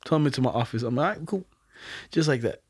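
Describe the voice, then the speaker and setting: A young man telling a story in casual chat, animated and slangy, acting out the other people's lines with frequent laughs. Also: mid-range voice, fast talker, breathy edge, no room sound, studio quality. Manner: casual slang-heavy talk. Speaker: podcast co-host telling a story.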